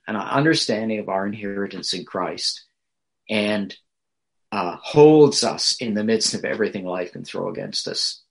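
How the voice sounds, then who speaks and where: Low-voiced man preaching a sermon. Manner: measured, earnest preaching with pauses and fillers. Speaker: pastor.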